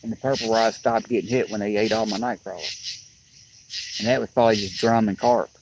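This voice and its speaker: Yawny guy rambling on a phone stream by the river, drawly and chatty, bugs buzzing loud behind. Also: fairly low pitch, fairly even intonation, fairly quick. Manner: drawling, talkative, plainspoken. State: sleepy, yawning. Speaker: fishing livestreamer. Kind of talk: rambling casual chat to viewers. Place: outdoors on a riverbank. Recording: outdoor clip with loud insect noise.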